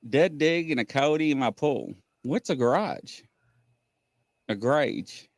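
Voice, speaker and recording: A middle-aged man, hosting a casual live-stream chat and telling stories in an animated way. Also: on the high side, unhurried, no room sound, clean studio sound. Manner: animated storyteller, acts out voices. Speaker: host.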